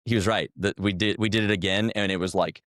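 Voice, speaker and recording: A man's voice: sits low, steady tone, fast, a bit bright, no echo, clean studio sound. A man in his thirties, a former army officer, telling an earnest, reflective story as a podcast guest.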